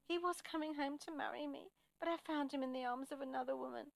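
A woman voicing a devoted woman waiting for her lost fiancé, lifting her voice higher for the part. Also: very animated, normal speed, no echo. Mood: tearful. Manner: raised, heightened voice for her speech.

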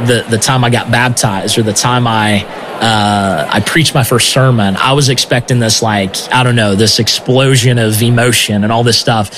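A man telling his personal testimony as a missionary, talking in an animated, conversational way. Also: medium pitch, noisy background. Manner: animated, conversational, often says "man" and "right?". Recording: music bed under speech.

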